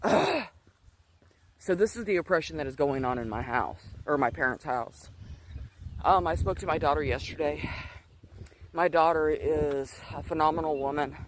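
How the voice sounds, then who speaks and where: A man's voice: a little high, normal speed, slight background noise. A middle-aged man telling a personal testimony in a casual, rambling way, slightly out of breath as he walks outdoors. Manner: rambling, digressive storytelling with many restarts. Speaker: Christian vlogger. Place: outdoors, walking.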